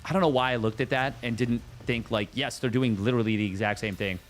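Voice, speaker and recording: A man casting a strategy game tournament on his own, jokey and excitable, riffing between plays. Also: mid-range voice, fast talker, faint music behind. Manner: jokey, excitable, riffs and sing-songs. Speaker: esports caster. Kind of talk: solo game commentary.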